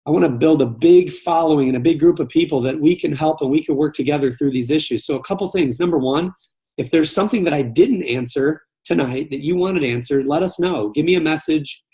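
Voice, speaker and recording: Earnest fast-restarting male sales coach. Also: on the high side, mellow. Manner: earnest, repeats and restarts phrases. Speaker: sales coach hosting a live training call. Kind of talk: live webinar coaching talk.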